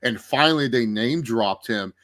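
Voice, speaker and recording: A man chatting casually as a guest on a wrestling review show, rambling and excitable, often repeating words. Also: mid-range voice, normal speed, no room sound, studio quality. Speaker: guest commentator. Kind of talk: casual chat.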